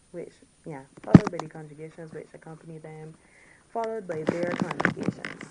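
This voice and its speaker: A woman teaching a recorded French lesson, drilling words slowly and patiently and correcting herself as she goes. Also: low voice, heavy background noise.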